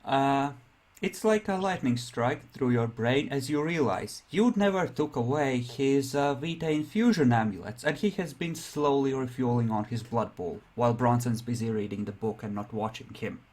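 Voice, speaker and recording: A man's voice: medium pitch, lively intonation, normal speed, a little mellow. A man narrating a tabletop game as storyteller, casual and hesitant, with many fillers.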